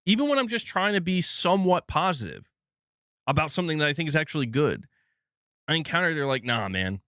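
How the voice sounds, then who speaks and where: A man hosting a gaming livestream, ranting in an excitable, self-mocking way and swearing often, restarting his words as he gets worked up. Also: fairly high pitch, quick pace, dry recording, clean studio sound. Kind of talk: live commentary rant. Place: indoor room at home.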